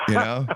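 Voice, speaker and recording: A man's voice: lowish voice, gravelly, very noisy. A man hosting a call-in talk show, joking and swearing in casual banter. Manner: joking, profane, animated.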